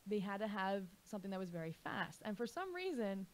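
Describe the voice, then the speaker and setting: A woman's voice: medium pitch, sing-song, brisk, a little mellow. A woman in a mid-range voice chatting on a radio show, wandering into side stories. She corrects facts lightly as she goes. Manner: storytelling, digressive, corrects others. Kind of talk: casual radio chat.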